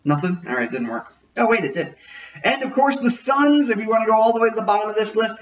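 A man's voice: sits high, animated, fast talker, recorded from a distance, dull audio, a little hiss or hum. A man hosting a casual sports podcast, jokey and rambling, often correcting himself. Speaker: podcast host.

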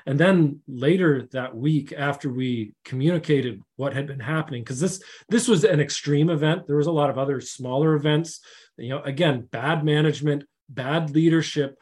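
A man's voice: medium pitch, darkish tone, breathy edge. A middle-aged man, a safety consultant, earnestly telling a story in casual conversation, with many restarts and fillers.

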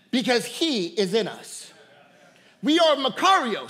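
A man's voice: very high voice, sing-song, measured pace, a bit bright. A man preaching a sermon, repeating words and calling out to the congregation, laughing often. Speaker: pastor.

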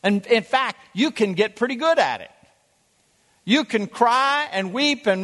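A man preaching a sermon as pastor, emphatic, with dramatic pauses and drawn-out words. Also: high-pitched, lively intonation, fairly bright tone, long reverb tail.

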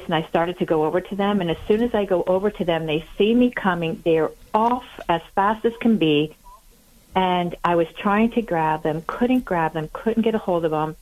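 Radio caller, woman, earnest and self-critical, rambling, a little low. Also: normal speed, muffled recording. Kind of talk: phoning in to a radio show.

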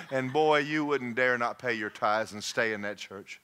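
A man preaching a sermon in an animated way, shouting, laughing and putting on mocking voices. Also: mid-range voice, normal speed, few pauses, clean tone.

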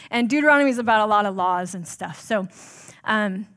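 A woman's voice: mid-range voice, animated, normal speed, fairly bright tone. Woman on church staff, informal self-deprecating sermon, chatty delivery. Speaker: church staff member preaching. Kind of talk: conversational sermon.

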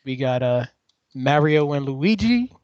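A man co-hosting a podcast in casual chat, animated and joking, often restarting his sentences. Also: medium pitch, a little slow, dry recording. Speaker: podcast co-host. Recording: dry, dull lo-fi sound.

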